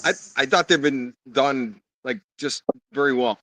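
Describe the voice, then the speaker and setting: A man's voice: mid-range voice, a little slow, bright, forceful tone, dry recording. A man talking as a guest on a casual call-in chat, rambling and trailing off mid-sentence. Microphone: video call.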